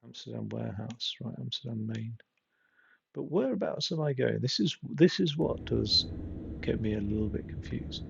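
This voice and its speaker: A man's voice: medium pitch, vocal fry, muffled recording, noisy background. A man casually commenting while playing a train simulator, rambling, swearing now and then and chuckling at his own stories. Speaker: game streamer.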